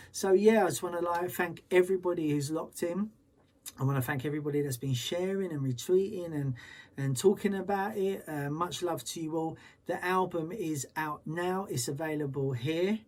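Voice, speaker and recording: A man's voice: on the high side, moderate pace, a little mellow. A man hosting as a DJ, chatting casually and upbeat, with loose slangy talk. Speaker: DJ and show host. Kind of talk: casual livestream chat.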